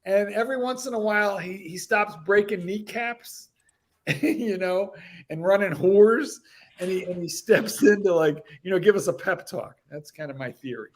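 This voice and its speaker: An older man rambles through wry stories in a casual livestream chat. His voice sits notably high for a man. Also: normal speed. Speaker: livestream guest.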